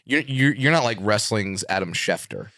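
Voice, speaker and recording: Comedian guest, male, low-pitched, animated storyteller, laughs often, dry studio sound. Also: normal speed, dry recording. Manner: lively, laughing, restarts mid-sentence. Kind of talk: casual chat, animated storytelling. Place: podcast studio.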